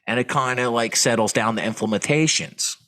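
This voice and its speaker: A man's voice: medium pitch, moderate pace, fairly bright tone. A man co-hosting a comedy podcast, talking crudely and rambling, often laughing. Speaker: podcast co-host. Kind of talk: casual comedy chat.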